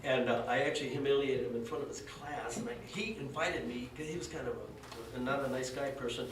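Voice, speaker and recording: A man's voice: mid-range voice, a little fast. A man giving an anecdotal eulogy at a memorial service, telling stories with chuckles and acting out quotes. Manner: chuckling storyteller, acts out quotes. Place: dojo hall at a memorial. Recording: roomy echo from far off, faint hiss.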